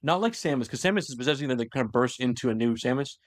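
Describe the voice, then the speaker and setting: A man on a podcast rattling off a long story recap at a quick clip, looping back with "like" and self-corrections as he goes. His voice is close and dry, with almost no room sound around it. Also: medium pitch, expressive, no room sound. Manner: rambling storyteller, heavy use of "like", many restarts. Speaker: podcast host. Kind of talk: casual lore recap chat.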